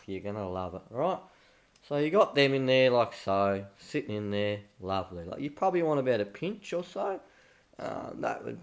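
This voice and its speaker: Australian bloke, mid-pitched, casual mock-tutorial host, matey and chatty. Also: male voice, darkish tone. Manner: blokey, chatty, lots of "mate" and "right?". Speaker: comedy channel host.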